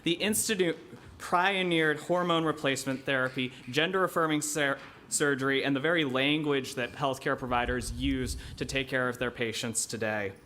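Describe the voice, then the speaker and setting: A man's voice: mid-range voice, moderate pace, sharp tone, slight background noise. A young man, a medical student, giving an earnest, impassioned public comment in a city council chamber. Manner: earnest, impassioned, voice rising with emotion.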